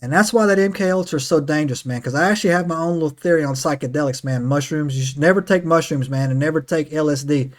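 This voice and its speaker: Excitable man telling stories on a podcast. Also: a little high, quick pace, hardly any pauses. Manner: excitable storyteller, lots of "right?" and "man". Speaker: podcast host. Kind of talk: casual podcast chat.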